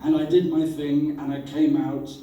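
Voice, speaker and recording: A man giving a storytelling tribute about an old friend, animated and acting out the voices he quotes. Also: on the high side, normal speed, dull audio, a little hiss or hum. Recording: very echoey room, voice from far off.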